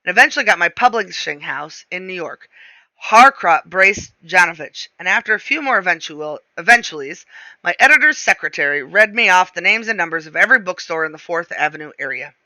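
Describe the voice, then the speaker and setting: A woman reading a novel aloud, shifting her pace and slowing on descriptive phrases. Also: fairly low pitch, expressive, pushed and bright, dry recording, poor audio. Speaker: reader.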